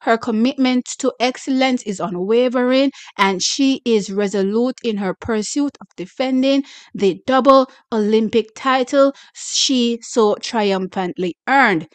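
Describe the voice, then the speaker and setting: Excitable Jamaican woman hosting sports news. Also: fairly high pitch, a little slow, clean tone, no echo. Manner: excitable, hyping, reads a press release aloud with asides. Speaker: sports channel host. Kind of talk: casual track-and-field news commentary.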